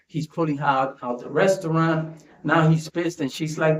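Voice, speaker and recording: A man's voice: on the high side, fairly even intonation, moderate pace. A man hosting a casual commentary monologue, talking conversationally and tagging his points with "right?". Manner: conversational, tags statements with "right?". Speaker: commentary host. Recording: roomy echo.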